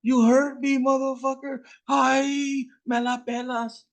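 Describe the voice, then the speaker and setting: A man voicing a hurt, defiant boy who yells back at a bully. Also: mid-range voice, fairly even intonation, fairly quick, natural voice. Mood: angry.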